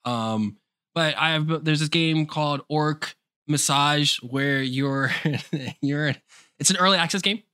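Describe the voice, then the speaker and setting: A man co-hosting a podcast in casual chat, animated, laughing often and swearing freely. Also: fairly high pitch, takes it slowly, clean tone, dry recording, clean studio sound. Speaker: podcast co-host.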